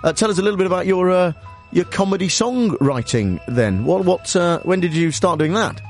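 Radio host, man, slightly high voice, rambling and full of fillers, faint music behind. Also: expressive, moderate pace. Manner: rambling, hesitant. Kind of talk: radio chat show.

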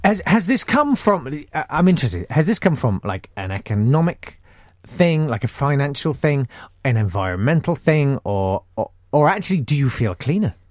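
Male radio host, lively pitch, jokey and rambling, dry studio mic. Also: moderate pace, no room sound. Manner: joking, rambling, stumbling restarts. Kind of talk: casual radio chat.

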